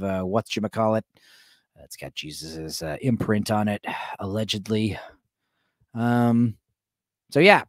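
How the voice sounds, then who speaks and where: A man's voice: medium pitch, dry recording, studio quality. A man hosting a casual watch-along, joking and rambling to his chat with many fillers. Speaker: host reacting to a film for a live chat.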